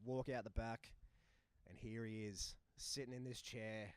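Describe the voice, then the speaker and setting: A young man telling a tour story with swearing, acting out voices and shouting punchlines. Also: lowish voice, fairly even intonation, measured pace, smooth, no echo. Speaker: touring musician guest. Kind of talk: animated storytelling. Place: live recording in a bar.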